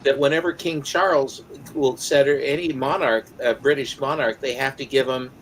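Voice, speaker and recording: A man's voice: mid-range voice, steady tone, moderate pace, a bit bright, a little hiss or hum, rough recording. An American man co-hosting a podcast, chatting casually and rambling with frequent fillers and restarts. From United States. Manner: rambling, hesitant with many fillers. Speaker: podcast co-host. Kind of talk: casual chat.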